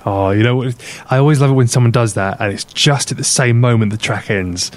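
Man chipping in with quick questions, dry sound. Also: mid-range voice, dry recording. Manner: brief teasing interjections and prompting questions. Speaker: radio show co-host. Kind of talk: casual chat.

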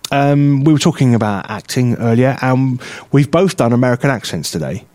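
A man's voice: mid-range voice, expressive, normal speed, a little mellow, no echo. Chatty man co-hosting a radio show. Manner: chatty, hesitant with ums and restarts. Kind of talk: casual radio chat. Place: radio studio. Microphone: studio mic.

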